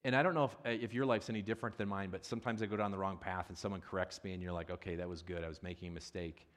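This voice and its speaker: A man's voice: low voice, steady tone, very fast. A man giving a conversational sermon as a pastor, chatty and self-deprecating, with asides and questions to the congregation.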